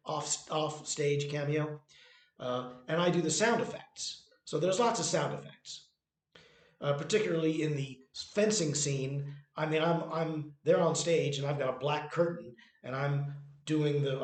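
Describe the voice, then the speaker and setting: A man's voice: on the high side, darkish tone. A man talking about his own stage play in a casual, rambling way, restarting sentences often. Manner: rambling, many restarts and fillers. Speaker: playwright and author presenting his own work. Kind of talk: casual spoken commentary. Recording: echoey room.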